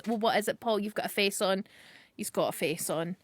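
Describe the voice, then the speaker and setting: Animated Scottish woman radio host. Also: brisk, dry recording. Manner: animated, bursts into high excited exclamations. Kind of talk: casual radio chat. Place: radio studio. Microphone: studio microphone.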